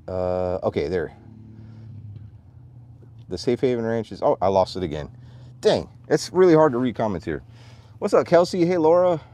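A man livestreaming from his farm, chatting with viewers and calling to his animals in a high voice, a little out of breath. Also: sing-song, a little slow, long pauses, warm tone. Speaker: vlogger, farm owner. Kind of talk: casual livestream vlog. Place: outdoors on a farm.

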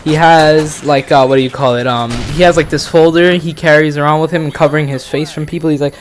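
A man's voice: a little high, fairly even intonation, quick pace, a little hiss or hum. A young man from the Bronx telling a story casually, rambling and profane, full of fillers and restarts. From the Bronx, New York. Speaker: vlogger, channel host.

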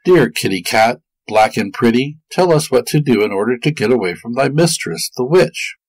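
A man voicing two polite, timid orphan children in a storybook reading, raising his voice to sound shrill and childish. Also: expressive, normal speed, slightly rough, no echo, low-quality recording. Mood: pleading. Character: young orphan boy and girl, polite and timid.

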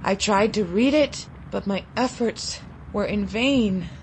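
Woman, story reader, expressive, unhurried delivery. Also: mid-range voice, a little hiss or hum, poor audio. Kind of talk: literary short-story reading.

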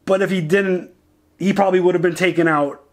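A man co-hosting a casual reaction show, talking excitedly and acting out lines as he retells scenes. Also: high voice. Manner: excited, quotes characters in quick retellings.

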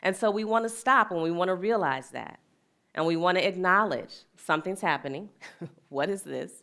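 A woman's voice: fairly low pitch, animated, normal speed, fairly bright tone. A middle-aged woman speaking as a wellness and equity speaker, earnest and plain-spoken, sharing a personal story in a reflective talk and laughing easily.

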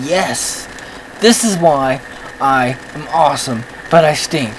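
A man hosting a let's-play, giving excitable commentary, often yelping at the game, with self-mocking rambling asides. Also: a little high, slow pace, background noise. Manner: excitable, yelps and shouts at the game. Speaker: gaming channel host.

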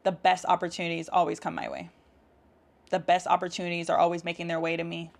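Speaking quickly in a lowish voice with vocal fry and a completely flat delivery, a woman self-help vlogger addresses the camera casually. She reads out affirmations and explains them in a warm, encouraging way, laughing often, and there's background noise.

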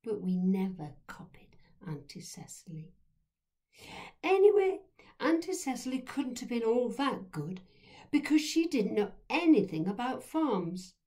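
Author reading her memoir; unhurried and animated, gentle storyteller. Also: a little high. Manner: gentle, slow, lively storytelling. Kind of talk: storytelling narration.

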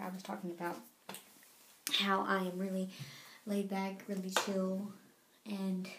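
A woman chatting casually and rambling in a late-night vlog from a dark room at home, laughing now and then. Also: medium pitch. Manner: laid-back, rambling, laughs often. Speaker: vlogger. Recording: roomy home room, faint noise.

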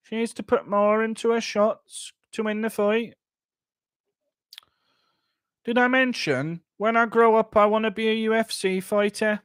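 A naive, boyish young male fighter speaks earnestly, as a man raises his voice for him. His tone is high and smooth, and the recording is dry. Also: steady tone, moderate pace, a bit bright, no room sound.

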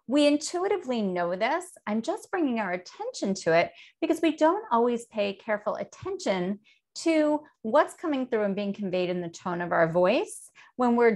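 A woman hosting a show, explaining a tip to camera in an earnest, instructive way. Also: medium pitch. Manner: earnest, explanatory, demonstrates tones of voice. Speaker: host.

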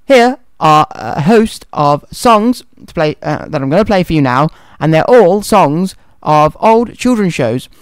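Man, children's radio host, chatty links, smooth voice, dry studio sound. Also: sits high, no echo. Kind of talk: radio presenting.

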